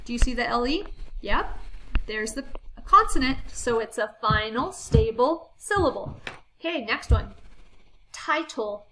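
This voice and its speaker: A woman teacher giving a phonics lesson to children, reading a story aloud and sounding out words slowly and clearly in an encouraging way. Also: a little high, very animated, background noise.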